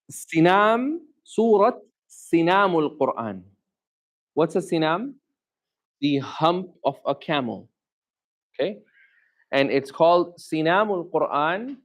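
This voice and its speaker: A male teacher giving a Quran lesson in a classroom, questioning his students and repeating terms slowly. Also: fairly high pitch, poor audio. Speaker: Islamic teacher.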